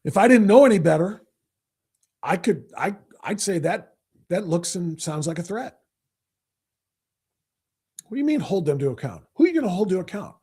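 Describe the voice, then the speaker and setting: Angry husky-voiced male talk host. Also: sits high, sing-song, normal speed, pauses often, warm tone. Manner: angry, combative, sarcastic. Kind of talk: political commentary rant.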